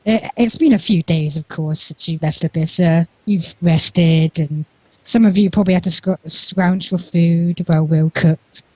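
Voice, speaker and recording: Game master: husky male voice, loose and chatty, dry close sound. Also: on the high side, measured pace, a little mellow, no room sound, low-quality recording. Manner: laughs often, loose and chatty. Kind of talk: narrating a tabletop game.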